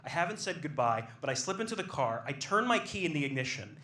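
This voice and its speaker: Animated young man telling a story on stage. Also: on the high side, quick pace. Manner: animated, rising to excited bursts. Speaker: stand-up storyteller. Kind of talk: live comedic storytelling. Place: comedy club stage with audience. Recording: echoey live room, faint background noise.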